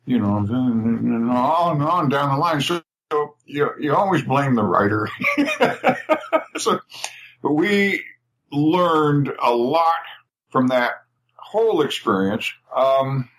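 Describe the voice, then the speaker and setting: A man's voice: a little high, expressive, slow, a bit bright, a little hiss or hum, poor audio. An older man, a writer guest on a podcast, telling casual anecdotes with frequent laughs and repeated words. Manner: chatty storyteller, laughs often, repeats words.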